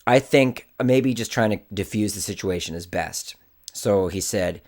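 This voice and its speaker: A man, an indie filmmaker, telling a story to camera in a casual, animated way. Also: low-pitched, moderate pace. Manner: animated, acts out the people in his story.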